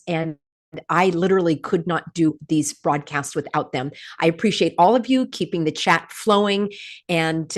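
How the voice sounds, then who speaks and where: Host: American woman, lowish voice, snarky and animated with viewers. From United States. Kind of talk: livestream monologue.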